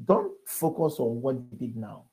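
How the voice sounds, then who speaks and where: A pastor at an evening service, earnestly exhorting the congregation and leading prayer. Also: male voice, medium pitch, very animated, moderate pace, warm tone, rough recording.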